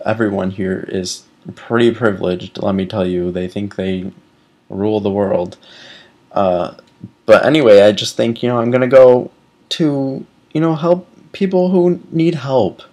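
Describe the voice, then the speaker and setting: A man's voice: lowish voice, darkish tone. A young man in his twenties talking candidly in a casual personal vlog, rambling with many fillers and restarts. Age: 20s. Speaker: vlogger.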